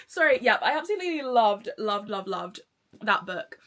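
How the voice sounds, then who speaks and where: An excitable young woman rambles through a casual book review. Her voice sits a little high and sounds bright and forward. She trails off and restarts as she gushes. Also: moderate pace. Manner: gushing, excitable, rambling with fillers and laughs. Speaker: book vlogger.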